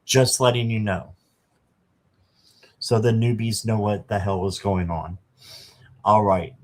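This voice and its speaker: A man's voice: fairly low pitch, little pitch movement, slow pace. A man doing a casual live tarot reading, chatting to viewers and reading the card text aloud. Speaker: tarot reader.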